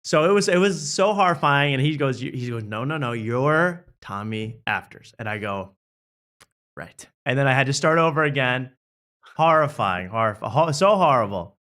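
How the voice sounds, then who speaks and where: A man's voice: medium pitch, moderate pace. A young adult man hosting, telling a self-mocking story in casual chat and acting out the people in it. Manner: animated, self-mocking, acts out quotes. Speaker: host.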